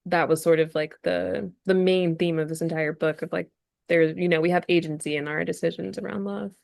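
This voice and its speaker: A woman author chatting as a guest on a podcast, soft-spoken and giggly, with lots of fillers. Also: on the low side, steady tone, a little fast, creaky, dry recording, clean studio sound. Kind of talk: casual interview chat.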